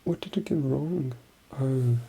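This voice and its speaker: An ASMR creator rambles in a soft-spoken way, murmuring and often dropping into a whisper while slowly repeating practice words to themselves. The voice is medium-pitched with vocal fry, and there is slight background noise.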